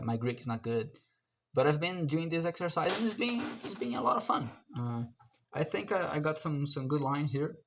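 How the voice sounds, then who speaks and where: A young man in a casual solo monologue, mid-pitched and ordinary in tone. He rambles in an excitable, self-mocking way, with sudden loud leaps up in pitch. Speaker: language learner vlogger.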